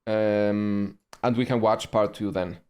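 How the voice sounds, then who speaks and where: A man with a German accent talking casually on a stream about his own video, pausing and restarting often. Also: lowish voice, fairly even intonation, darkish tone, clear, resonant tone. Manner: halting, with frequent pauses and restarts.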